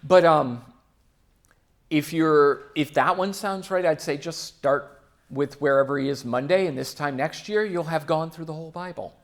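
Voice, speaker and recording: A young man giving a casual, chatty church talk, with quick asides and frequent fillers. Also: fairly high pitch. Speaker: church speaker.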